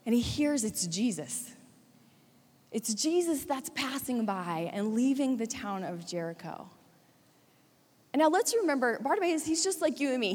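A woman preaching a sermon, retelling a story with dramatic swings between hushed and urgent delivery. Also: fairly high pitch. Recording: long hall reverb.

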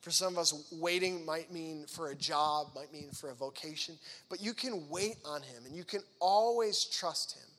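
High, bright-voiced animated youth speaker man. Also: normal speed, hardly any pauses. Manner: animated, acts out voices in quoted dialogue; chatty and conversational, with frequent fillers. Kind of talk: energetic faith talk to teenagers.

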